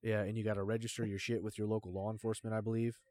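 A man's voice: on the low side, flat delivery, rapid-fire, darkish tone, dry recording. A man hosting a casual podcast who talks bluntly, swears freely and leans on fillers. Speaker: podcast host.

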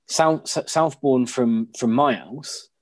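A man's voice: medium pitch, takes it slowly. A man, chatting casually on a podcast, rambling and swearing with lots of restarts. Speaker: podcast co-host. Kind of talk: casual chat.

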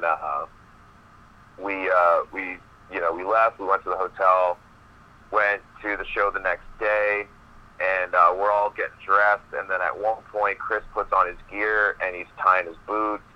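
A male professional wrestler, a guest on an interview podcast, telling a long backstage story in a rambling, animated way with many fillers. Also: low voice, lo-fi sound.

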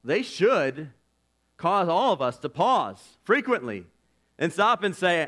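A man preaching a sermon as pastor, earnest and conversational, swinging from loud declarations to hushed asides. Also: high-pitched, very animated, slow. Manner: earnest and conversational, with "like" and "you know".

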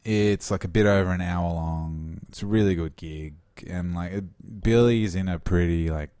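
A man's voice: low-pitched, moderate pace, warm tone, clean tone, dry recording, clean studio sound. An Australian man chatting casually as a podcast host, rambling with lots of fillers and frequent laughs. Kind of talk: casual chat.

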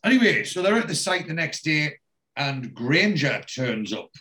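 A man's voice: fairly high pitch, sing-song, normal speed, sharp tone. Man casually retelling a TV episode. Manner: acts out each character's lines, with frequent fillers and restarts. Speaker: podcast host recapping a TV episode.

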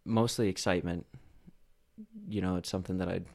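A young man from Idaho, a podcast guest telling stories in a relaxed way, with lots of fillers. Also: low voice, fairly quick, creaky. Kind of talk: casual storytelling.

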